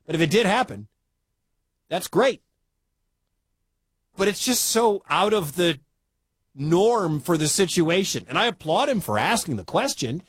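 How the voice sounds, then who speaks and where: A man's voice: high voice, very animated, a little slow, pauses often, husky, no echo. A man from the Midwestern US hosting a sports talk radio show, chatty and incredulous.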